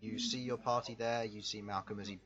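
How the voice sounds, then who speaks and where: Brief: male game master, steady descriptive narration, slightly dull sound, soft background music. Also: fairly low pitch. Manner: descriptive, unhurried, chuckling between lines.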